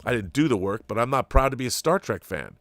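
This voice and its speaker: A man's voice: medium pitch, animated, fast, fairly bright tone, no room sound, studio quality. A man hosting his own channel, ranting in an exasperated, sarcastic and profane monologue. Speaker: channel host. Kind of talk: opinion commentary monologue.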